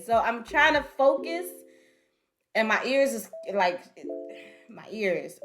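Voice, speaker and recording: A woman's voice: mid-range voice, fairly bright tone. Woman chatting over a reaction video. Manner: chatty, talks straight to viewers. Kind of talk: casual reaction commentary.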